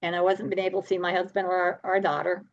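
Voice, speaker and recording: A woman's voice: fairly low pitch, fast talker, dull audio. A middle-aged woman guest telling her story in an interview, acting out the voices in it and laughing often. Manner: animated, acts out dialogue, laughs often. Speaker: podcast guest.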